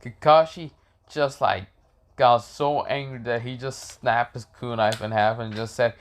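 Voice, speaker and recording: A man's voice: medium pitch, measured pace. Rambling, casual male storyteller. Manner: rambling, with many fillers and profanity.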